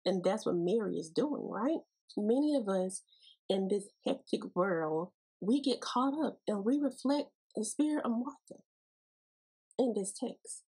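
Woman podcast host, Bible teaching, folksy and playful, breathy tone. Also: medium pitch, animated, unhurried, mellow, rough recording.

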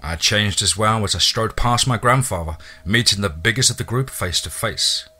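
A man narrating a first-person horror story in a casual, profane way, with a husky voice. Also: fairly low pitch, moderate pace, few pauses, sharp tone.

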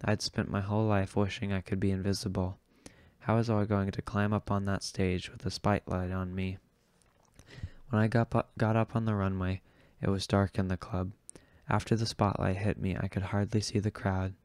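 A man reading a novel aloud in the first person, with steady, understated narration. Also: low voice, normal speed, clear, resonant tone, dry recording. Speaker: audiobook reader.

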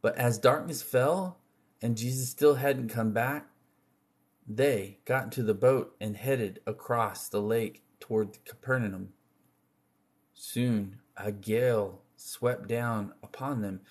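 A man reading scripture aloud in an unhurried, measured way, with occasional slips and restarts. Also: mid-range voice, a little mellow, husky. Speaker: scripture reader.

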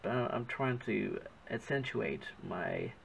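Drawing as he talks, an Australian man keeps up a chatty, rambling commentary, fixing his phrasing and stopping to search for words. His fairly low voice swoops wildly in pitch, unhurried, with vocal fry and a bit of brightness. The recording is rough, with slight background noise.

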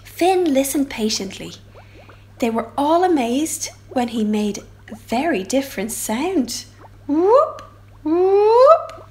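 A woman reads a children's picture book aloud for a library storytime. Her voice is high and very lively. She reads slowly and expressively, adding sound effects.

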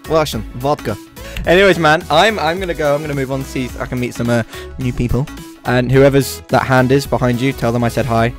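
A man's voice: mid-range voice, fast, soft background music. A man hosting a casual, joking video chat, often teasing and slipping into voices. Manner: joking, playful, jumps into impressions. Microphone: webcam video call.

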